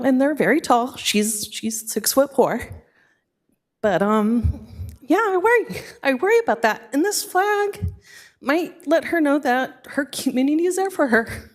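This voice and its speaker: A middle-aged woman giving a halting, emotional public comment at a council meeting, speaking into a podium microphone. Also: sits high, expressive. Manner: halting, with fillers and restarts, audibly emotional.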